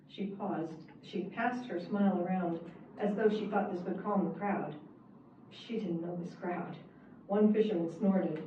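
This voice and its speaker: A woman's voice: on the low side, measured pace, warm tone. Woman reading a novel, very echoey. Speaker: author reading her novel. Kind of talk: first-person fiction reading. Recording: echoey, distant, phone-like and hissy.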